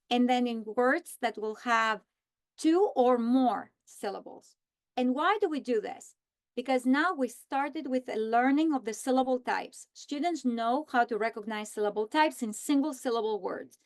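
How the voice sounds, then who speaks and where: A woman explaining how to teach a reading lesson, slowly modeling the script she would read to students. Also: a little high. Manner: slow, deliberate modeling of a script. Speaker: teacher trainer. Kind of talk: instructional walkthrough.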